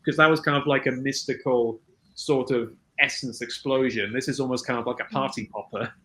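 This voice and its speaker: Man, bright forceful voice, laid-back chat, frequent laughs. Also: mid-range voice, steady tone, fairly quick, rough recording. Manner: chatty, laughs often, many fillers. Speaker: co-host. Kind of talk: casual chat recapping a show.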